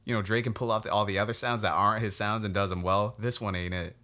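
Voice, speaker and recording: A man's voice: fairly low pitch, fairly even intonation, fast, bright, forceful tone. A man co-hosting a podcast, laid-back, talking things through with rhetorical questions. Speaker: podcast co-host. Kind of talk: casual chat.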